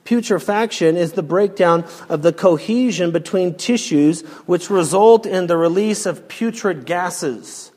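A man preaching an expository sermon as pastor, slow and emphatic, his voice rising sharply on the quoted commands. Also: high voice, a little mellow. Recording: long hall reverb.

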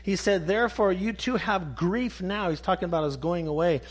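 A male preacher gives a sermon at a moderate pace, his voice pitched slightly higher than most men's. Emphatic, he asks rhetorical questions and then answers them softly in single, hushed words.

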